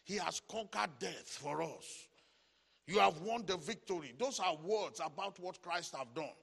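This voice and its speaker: A man's voice: sits high, vocal fry, slightly rough, big-room sound. A man preaching a sermon, calling out titles and leading the congregation in repeated declarations. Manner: chanting call-and-response, shouted declarations. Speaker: pastor.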